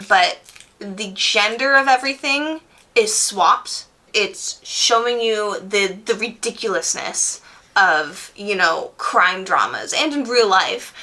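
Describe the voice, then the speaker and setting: Bright-voiced woman reviewing books. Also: mid-range voice. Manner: candid and enthusiastic, swears casually, many fillers. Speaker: book reviewer. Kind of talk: casual book review vlog.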